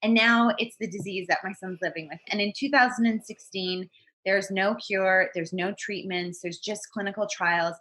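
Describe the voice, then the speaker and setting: Lady in her 30s on a podcast, earnest candid storytelling, middle pitch. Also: fairly even intonation, moderate pace, fairly bright tone. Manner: earnest and candid, acts out what people said. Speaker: podcast guest. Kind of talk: candid personal storytelling in an interview.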